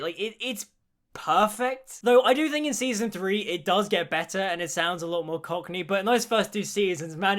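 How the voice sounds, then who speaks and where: A man's voice: high-pitched, a bit bright. Gushing young man reviewing a show. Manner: gushing, repeats "genuinely". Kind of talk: enthusiastic spoken review.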